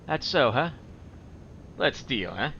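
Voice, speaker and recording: A man's voice: mid-range voice, very animated, slow pace, pushed and bright, muffled recording, a little hiss or hum, exaggerated voice. A man reading the lines of a filthy, suspicious male corpse trader in a game, clipped and ending lines with "huh".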